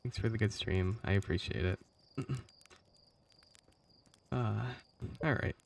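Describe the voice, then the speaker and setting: A sleepy man chats casually while live-streaming a game, chuckling often as he comments on the gameplay. His voice is fairly low, slow, and creaky, picked up by a slightly distant mic with faint background noise.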